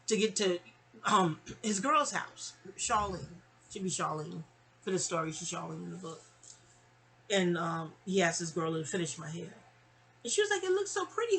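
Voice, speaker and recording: A woman from New York tells a personal story in a bright, ringing voice. She rambles and digresses, addresses her listener directly, and slips into other people's voices when she quotes them. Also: lowish voice, moderate pace, slight background noise, rough recording. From New York (Queens). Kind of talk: casual storytime monologue.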